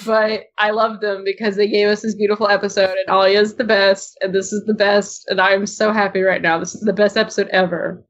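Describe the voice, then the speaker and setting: A woman co-hosting a casual podcast, gushing excitedly and talking fast with lots of "like". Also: medium pitch. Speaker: podcast co-host. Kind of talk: casual chat. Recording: dull lo-fi podcast audio.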